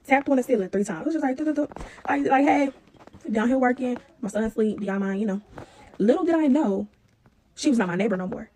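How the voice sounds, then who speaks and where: Young woman telling a story to camera, talks super fast, kinda high voice, blunt and animated. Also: a little hiss or hum. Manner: animated and blunt, heavy profanity. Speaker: vlogger.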